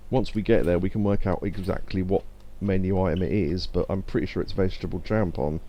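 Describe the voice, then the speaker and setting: A gaming streamer with a low, dark voice gives casual let's play commentary, talking a little fast with fairly even intonation. He's chatty, reads chat messages aloud, and makes jokes at his own expense.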